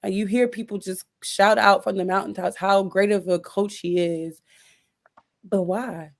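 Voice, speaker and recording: A woman's voice: mid-range voice, fairly even intonation, measured pace. A woman hosting a casual sports chat, talking emphatically with frequent restarts and repeated exasperated questions. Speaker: sports podcast host.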